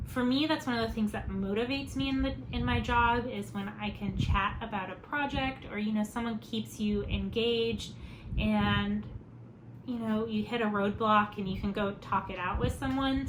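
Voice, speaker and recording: A woman hosting her own podcast in easygoing, meandering chat, often reaching for "you know" as she thinks aloud. Her voice sits at an ordinary middle pitch for a woman. A clear, steady noise runs under the whole recording. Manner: relaxed, rambling, fills gaps with "you know". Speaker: podcast host. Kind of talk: casual chat.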